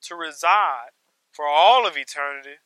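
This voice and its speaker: A man preaching a sermon with emphasis, piling up repeated phrases and swinging between loud stresses and hushed lines. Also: on the high side, normal speed, no room sound, low-quality recording.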